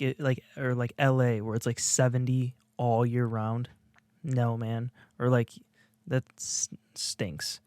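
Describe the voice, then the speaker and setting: An Illinois man co-hosts a laid-back podcast, wandering through his ideas with plenty of fillers and false starts. His voice sits at medium pitch with a slightly mellow quality, and the video podcast studio mic captures it with no echo.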